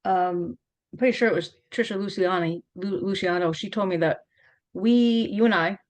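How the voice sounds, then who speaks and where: A middle-aged woman interviewing an old college teammate, reminiscing in a lively, laughing, storytelling way. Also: medium pitch, moderate pace. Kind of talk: casual reminiscing conversation.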